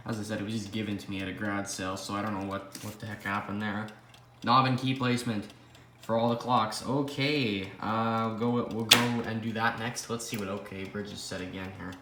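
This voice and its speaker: A man's voice: fairly low pitch, fairly bright tone. A young man hosting a casual vlog, rambling and joking at his own expense as he talks to himself. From Canada. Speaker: clock collector host. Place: indoor room with ticking clocks. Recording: roomy echo, faint background noise.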